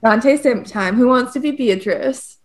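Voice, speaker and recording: Woman, upbeat co-host, higher voice, chatty literary explainer. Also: unhurried. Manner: animated, laughs often, acts out quotes. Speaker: podcast co-host explaining a classic poem. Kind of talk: casual literary discussion.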